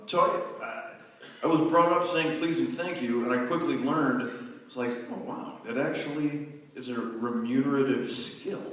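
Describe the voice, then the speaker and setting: A man in his forties giving a humorous, self-deprecating talk to a live audience, telling stories conversationally with quick restarts. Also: mid-range voice, slight background noise. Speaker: guest speaker. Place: large lecture hall. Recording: distant mic in an echoey hall.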